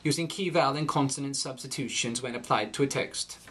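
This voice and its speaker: Male coach, methodical teaching, mid-pitched voice. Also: brisk, a bit bright, a little hiss or hum. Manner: clear, methodical explanation. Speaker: accent coach. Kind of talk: dialect lesson.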